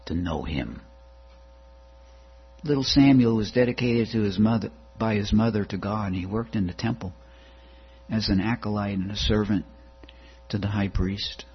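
A male preacher with a deep, husky, breathy voice delivering a sermon in a dramatic, rhythmic style. The recording is dull and lo-fi, with a steady mains hum underneath.

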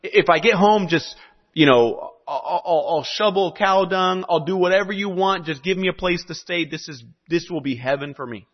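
Preacher voicing a humbled young man, halting and pleading, somewhat high voice, dull lo-fi sound. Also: big-room sound. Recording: dull lo-fi recording.

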